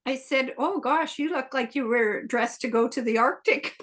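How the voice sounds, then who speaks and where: A woman's voice: high-pitched, moderate pace, background noise. An older woman telling a story on a group video call, hesitant with frequent restarts and filler sounds. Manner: hesitant, lots of "uh" and restarts, chatty. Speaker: coaching group member.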